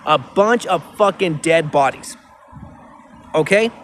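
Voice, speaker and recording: A man's voice: on the high side, animated, slow pace, a little hiss or hum. A man rambling profanely into his phone outdoors by a river, with many restarts. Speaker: vlogger.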